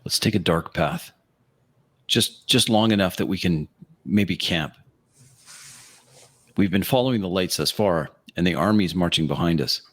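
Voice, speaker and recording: A man playing a character in a tabletop game, calm and in character. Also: deep voice, measured pace, pauses often, breathy edge. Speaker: player.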